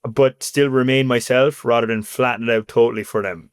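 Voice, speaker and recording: This Irishman from Cork, in his thirties, talks briskly in a medium-pitched voice as a casual, animated interview guest. His speech is packed with fillers like "you know" and "like." The recording is dry, clean-toned and studio quality.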